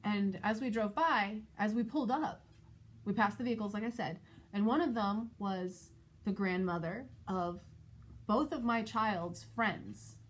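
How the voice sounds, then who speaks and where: A woman vlogger and mother telling a personal story in a casual, animated, exasperated way. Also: a little slow, slightly rough. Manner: animated, exasperated retelling with shifting pitch. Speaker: parent of school-age kids.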